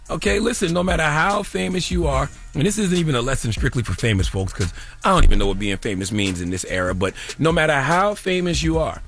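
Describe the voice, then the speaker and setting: A man's voice: fairly high pitch, big pitch swings, fairly quick, hardly any pauses, fairly bright tone, faint music behind. A man hosting a morning radio show, lecturing and teasing his co-hosts. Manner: preachy, teasing. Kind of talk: radio commentary and banter.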